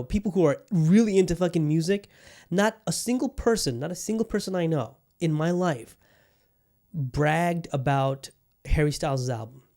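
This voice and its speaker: A man's voice: fairly high pitch, darkish tone. A man hosting his own podcast, talking casually and rambling with lots of swearing, moving from somber to heated. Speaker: podcast host. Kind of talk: casual solo podcast rant.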